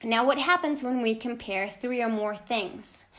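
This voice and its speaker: A woman English teacher with a fairly high, fairly bright voice leads a children's grammar lesson at an unhurried pace. She speaks clearly and deliberately, stressing each example word and encouraging her young learners.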